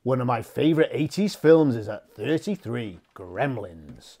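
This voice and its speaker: A man's voice: medium pitch, lively intonation, measured pace, heavy background noise. A man co-presenting a film countdown in a playful, laughing way. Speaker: co-host of a film countdown show.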